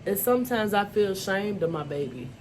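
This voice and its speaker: Talking a little fast over a noisy background, the woman sounds very animated in a medium-pitched voice. She's an adult mom of school-age kids sharing her personal story in a vlog, candid and emphatic, with plenty of "you know" and "y'all."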